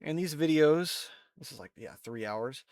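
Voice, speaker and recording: A man's voice: fairly high pitch, moderate pace. A man with a nasal, congested voice from allergies, giving a casual, rambling tutorial into a desk microphone at home and often correcting himself. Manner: rambling, relaxed, self-correcting. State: stuffy with allergies, sniffling and coughing. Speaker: video creator. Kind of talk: casual screen-recorded tutorial.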